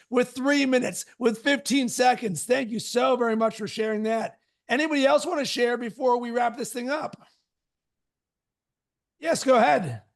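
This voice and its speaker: A man with a strikingly high, gravelly voice coaches a live online workshop. He talks with energy and emphasis and leans on short, punchy catchphrases. He is heard through a video call mic.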